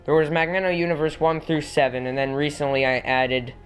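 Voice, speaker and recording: Teenage boy, casual chat, interjecting, slightly higher voice, faint music behind. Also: fairly even intonation, a little fast. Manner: chatty, interjects and corrects details.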